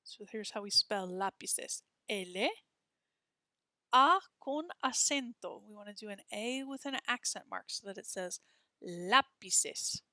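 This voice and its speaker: A woman teaches a Spanish lesson at an unhurried pace, spelling each word letter by letter. She repeats words slowly so their stress can be heard. The recording is close and dry, with no room sound. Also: medium pitch, animated, pushed and bright, no room sound. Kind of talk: textbook walkthrough lesson.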